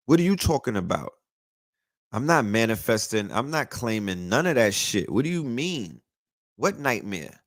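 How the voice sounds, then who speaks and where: A man's voice: medium pitch, animated, normal speed, no room sound, studio quality. A man hosting a show, ranting in a loose, profane, emphatic monologue that is full of restarts. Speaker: podcast host. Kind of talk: casual monologue.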